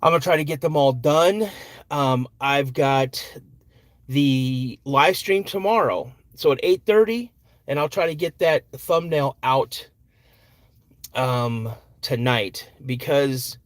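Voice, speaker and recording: A man in his fifties hosting a casual morning livestream, chatting and reading viewer comments in a relaxed, rambling way with many fillers. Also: medium pitch, no echo. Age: 50s. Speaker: podcast host.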